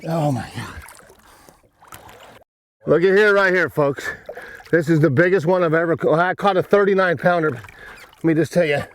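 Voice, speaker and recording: A man, a fishing guide hosting his show, giving excited folksy commentary from a boat outdoors while talking to viewers. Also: a little high, measured pace, long pauses. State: breathing hard.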